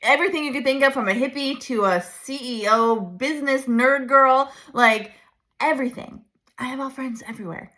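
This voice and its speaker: A woman in her thirties coaching her viewers in a chatty, animated way, laughing often. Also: high-pitched, normal speed. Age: 30s. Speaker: branding coach. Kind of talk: casual coaching talk to camera.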